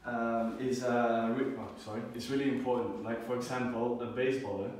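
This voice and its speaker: A young man giving a student class presentation, halting often with fillers and restarts. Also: mid-range voice, fairly even intonation, darkish tone, slight background noise. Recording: echoey room, far from the mic.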